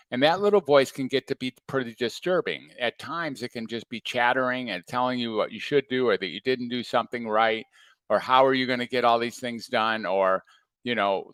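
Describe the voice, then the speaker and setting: A man, a former psychiatrist now working as a coach, giving a calm and reflective talk to an audience. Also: medium pitch, clean tone, no room sound.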